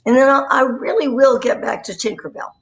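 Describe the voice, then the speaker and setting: A woman in her nineties chats as an interview guest, spinning rambling anecdotes with a wry, self-deprecating humor. Her voice sits a little on the high side. She is a voice performer swapping show-business stories. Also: fairly quick, dull audio. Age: 90s. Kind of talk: chatty storytelling interview.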